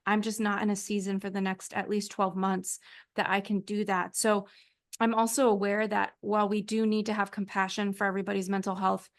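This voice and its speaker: A woman's voice: medium pitch, flat delivery, fairly quick. A woman hosting a podcast, talking candidly and reflectively, thinking aloud with fillers. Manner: candid, reflective, talks things through with fillers. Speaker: podcast host. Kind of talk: podcast conversation.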